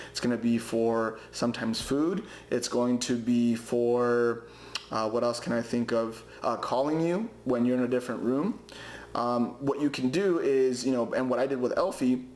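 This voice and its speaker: A young man with a pet parrot giving advice in a loose, rambling way, full of fillers and restarts. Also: medium pitch. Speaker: parrot owner giving care tips. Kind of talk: casual advice vlog. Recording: roomy echoey home recording.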